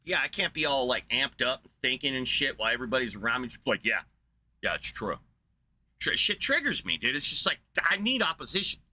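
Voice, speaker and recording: A man's voice: mid-range voice, sing-song, fast talker, hardly any pauses, sharp tone. A man streaming a casual, profane rant in a blunt, combative way.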